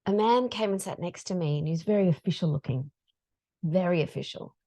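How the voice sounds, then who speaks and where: A middle-aged woman, a podcast guest telling a story in a casual, animated way. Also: on the low side, a little fast. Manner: animated, acts out dialogue in her stories.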